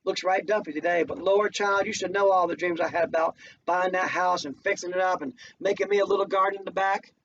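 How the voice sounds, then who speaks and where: A man voicing a devout, weary older mother who speaks in a slow, folksy dialect. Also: high-pitched, fairly even intonation, a bit bright. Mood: wistful. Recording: distant muffled home recording, faint noise.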